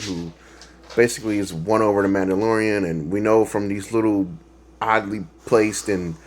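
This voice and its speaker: A man hosting a reaction video, talking in a rambling, casual way with lots of fillers and restarts and laughing at his own jokes. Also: fairly low pitch.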